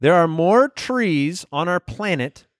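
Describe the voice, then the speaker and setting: A man hosting a comedy podcast who talks playfully, laughs often and fires off quick questions in casual banter. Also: fairly high pitch, expressive, no echo, studio quality. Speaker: podcast host.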